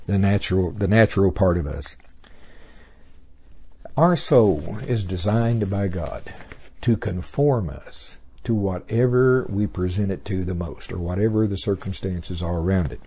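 A man's voice: sits low, unhurried, dark tone, husky. A man preaching a sermon in a folksy storytelling way, acting out little scenes as he goes. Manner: folksy storytelling, acts out characters.

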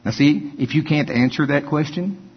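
An older man preaching a sermon, reading scripture and breaking into animated, folksy asides. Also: a little high, moderate pace, slightly rough. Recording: dull lo-fi with long hall reverb.

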